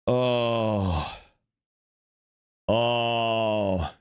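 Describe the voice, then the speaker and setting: A man hosting a gaming channel, commenting on his game, swearing a lot and shouting when things go wrong. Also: mid-range voice, slow pace. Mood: panicked.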